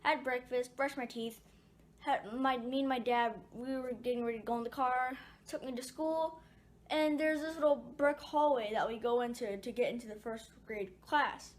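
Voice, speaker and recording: A woman casually tells her viewers a personal story. Her voice is a touch high. She rambles, trailing off and restarting often. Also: fairly even intonation, moderate pace. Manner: rambling, many fillers and restarts.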